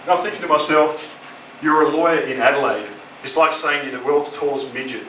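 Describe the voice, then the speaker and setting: A young Australian man delivers a crude, brash stand-up set in a slightly higher voice. He sounds distant and roomy, caught from afar in a live comedy club with clear crowd noise behind him. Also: a little fast, a bit bright.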